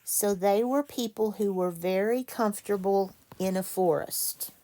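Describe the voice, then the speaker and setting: A woman teacher leading a reading lesson for children, patient and quick to correct herself. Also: medium pitch, warm tone. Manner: slow, patient, self-correcting.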